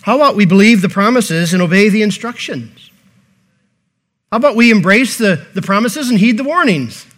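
A man's voice: sits high, animated, normal speed, fairly bright tone. A pastor preaching a sermon, earnest and repeating key phrases, posing rhetorical questions to his congregation.

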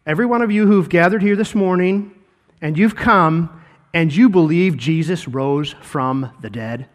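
A man's voice: on the high side, moderate pace, big-room sound. A pastor preaching a sermon in a church, retelling scripture dramatically and repeating words as he goes. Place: church sanctuary.

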